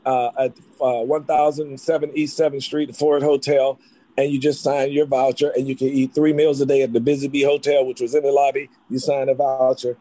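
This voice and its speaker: Fast-talking excitable man telling stories. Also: mid-range voice, no room sound. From North Carolina. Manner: rapid, excitable, jumps back and forth with restarts. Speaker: actor telling his life story. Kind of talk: animated storytelling interview.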